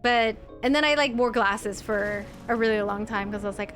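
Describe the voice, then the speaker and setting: Music plays behind a young adult woman streaming a game, her high-leaning voice steady in tone and brisk. She chats casually through the let's-play, giggling a lot and saying "like" constantly.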